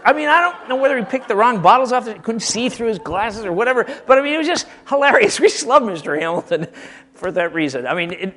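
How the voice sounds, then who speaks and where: A man's voice: extremely high pitch, fast. A man from Michigan telling comic anecdotes about his old school teachers in a casual storytelling style. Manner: animated, comic, acts out quotes, frequent restarts.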